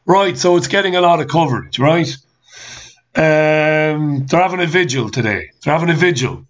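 A man's voice: a little high, animated, moderate pace. Ranting man, dull audio. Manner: angry, repetitive rhetorical questions, swearing. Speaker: talk show host. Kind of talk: ranting monologue reading listener comments.

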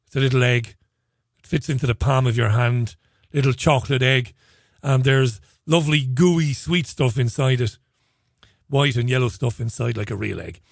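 A man's voice: a little high, a bit bright, dry recording, clean studio sound. Chatty sarcastic male radio host. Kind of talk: opinionated radio monologue.

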